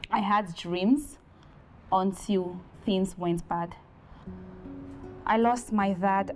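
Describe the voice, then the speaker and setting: Charity founder, Nigerian accent, low, measured and earnest, faint music. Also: female voice, a little mellow. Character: founder of a girls' charity, interviewed.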